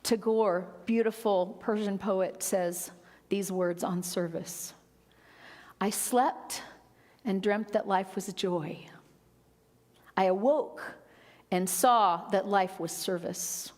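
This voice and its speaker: A middle-aged woman minister giving a sermon, expressive, rising for quotes and dropping to a near whisper. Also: mid-range voice, takes it slowly, long pauses. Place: church sanctuary. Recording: long hall reverb.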